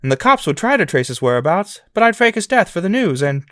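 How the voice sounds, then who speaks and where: A man impersonating George Bailey, eager and high-pitched. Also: fast, no echo, studio quality. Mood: eager, earnest. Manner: raised, excited, rambling delivery. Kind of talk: comic movie impression.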